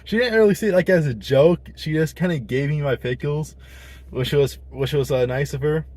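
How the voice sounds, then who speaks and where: Young male vlogger, slightly higher voice, loose rambling delivery with slang and false starts. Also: moderate pace, darkish tone. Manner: rambling, slangy, restarts a lot. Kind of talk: casual vlog chat.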